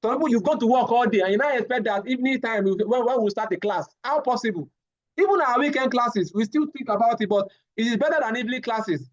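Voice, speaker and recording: A man, giving a live safety training lecture, animated and often repeating his words as he addresses the class. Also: extremely high pitch, fast talker, dull audio.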